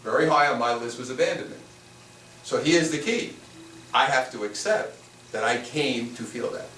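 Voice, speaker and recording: A man's voice: medium pitch, animated, normal speed, sharp tone. Man teaching a seminar in an echoey room. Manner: conversational, full of rhetorical questions. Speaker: spiritual teacher. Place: room with a live audience. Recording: echoey room, far from the mic, faint hiss.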